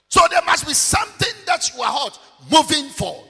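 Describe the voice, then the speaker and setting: A man, a pastor preaching with call-and-response and sing-song shouting in a church. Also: very high-pitched, very animated, normal speed, creaky, few pauses. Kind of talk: sermon. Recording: long reverb, faint music behind.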